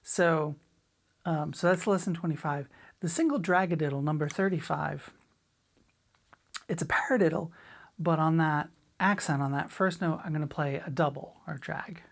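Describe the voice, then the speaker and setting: Low, gravelly-voiced woman drum teacher. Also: normal speed. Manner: relaxed, chatty, demonstrates rhythms by scatting syllables. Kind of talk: casual spoken lesson.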